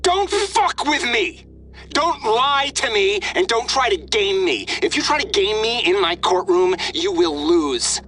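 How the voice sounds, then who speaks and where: A man's voice: mid-range voice, lively intonation, unhurried, pauses often, bright, forceful tone, recorded from a distance, soft background music, voice pushed up. A man voicing an unhinged, sneering male hostage-taker who swings from sarcasm to screaming. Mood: raging.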